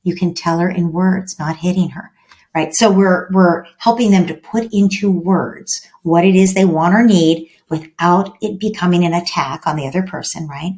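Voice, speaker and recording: A woman's voice: fairly low pitch, normal speed. Woman explaining, tagging points with "right?". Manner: acts out gentle parent-child dialogues. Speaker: parenting expert guest. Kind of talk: podcast interview advice.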